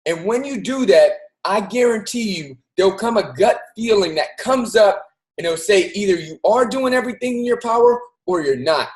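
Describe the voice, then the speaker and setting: A man's voice: sits high, lively intonation, normal speed, poor audio. A man hosting a show, giving an earnest, casual motivational talk straight to his listeners. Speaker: host.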